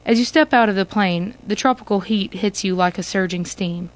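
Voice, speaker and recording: Brief: woman storyteller, clear and measured, guiding the listener through a choose-your-path tale. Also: medium pitch. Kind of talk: second-person interactive story narration.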